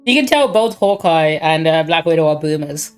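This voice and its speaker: A woman's voice: low-pitched, expressive, moderate pace, clear, resonant tone, soft background music. A woman hosting a casual gaming stream, joking and steering through a tier list.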